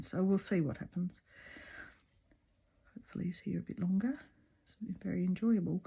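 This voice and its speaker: A woman's voice: on the low side, a little mellow, breathy edge. A woman chatting casually at home while she stitches, rambling along with lots of ums and restarts. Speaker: craft video maker. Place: her home.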